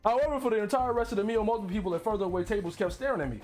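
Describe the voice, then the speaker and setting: A man reading online stories aloud, breaking off to riff and laugh loudly with lots of swearing. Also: sits high, racing, faint music behind. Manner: loud laughter and profane riffing between readings. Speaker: streamer reacting to stories.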